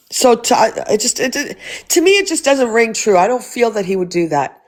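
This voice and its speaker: A woman's voice: fairly high pitch, lively intonation, a little fast. A woman hosting a casual livestream, blunt and swearing freely as she asks rhetorical questions. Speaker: livestream host.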